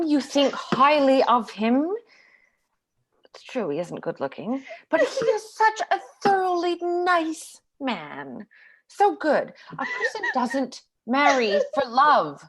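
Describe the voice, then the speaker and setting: A woman playing a gentle older sister who comforts and advises, read over a video call. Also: high voice, slightly rough, full character voice. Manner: soothing, coaxing. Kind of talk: cold-read stage drama.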